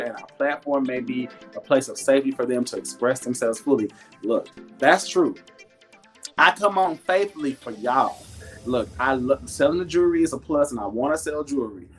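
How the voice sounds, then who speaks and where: Folksy live-stream host, man, preachy warmth. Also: mid-range voice, normal speed, faint music behind. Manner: folksy, preachy and encouraging, reads out viewer comments. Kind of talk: casual live-stream chat to viewers. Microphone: webcam or phone on a live stream.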